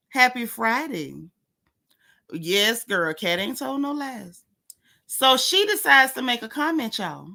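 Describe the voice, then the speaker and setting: A woman's voice: on the high side, very animated, slow, creaky, pushed and bright. A woman hosting a casual gossip livestream, sassy and mocking as she talks straight to her viewers. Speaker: host of a gossip channel.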